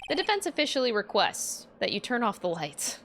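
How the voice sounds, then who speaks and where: A woman's voice: on the high side, sing-song, fairly quick, noisy background. A woman voicing a determined young male defense attorney who speaks in an earnest, pressing way in a video game. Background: game music.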